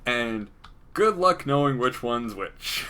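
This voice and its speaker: A man's voice: mid-range voice, lively intonation, slow pace, a crowd in the background. A young man giving casual, joking game commentary as a streamer, laughing often. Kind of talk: casual let's-play commentary.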